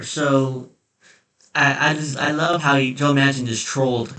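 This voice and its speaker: A man's voice: mid-range voice, moderate pace, fairly bright tone, distant mic, rough recording. Mocking male political vlogger. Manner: mocking, blunt, profane. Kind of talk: casual opinion monologue.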